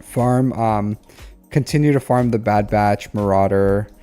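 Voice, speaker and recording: A man with a mellow, relaxed voice talks through a viewer's account in casual live-stream commentary. He rambles, doubles back and leans on "like" and "um" as he thinks aloud, with faint music playing softly behind him. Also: on the low side, a little slow, clear, resonant tone. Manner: rambling, repeats phrases, frequent "like" and "um". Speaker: streamer giving account reviews.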